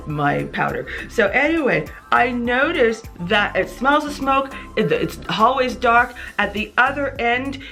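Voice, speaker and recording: Lady doing a grwm makeup vlog, bright voice, rambles on and repeats stuff, bit of music low behind. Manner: rambling, repeats herself while recounting. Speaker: beauty vlogger. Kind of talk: get-ready-with-me storytelling.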